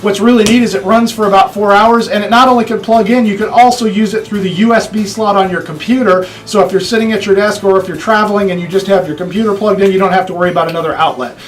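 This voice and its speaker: A man presenting hardware products for a trade magazine, with playful, deadpan, self-mocking humor. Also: high voice, quick pace, hardly any pauses, far from the mic, low-quality recording. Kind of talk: jokey product demo.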